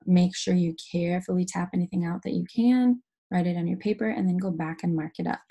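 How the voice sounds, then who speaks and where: A woman's voice: fairly low pitch, steady tone, fairly quick, dark tone, husky. A young adult woman teaching an online phonics lesson, explaining each step patiently.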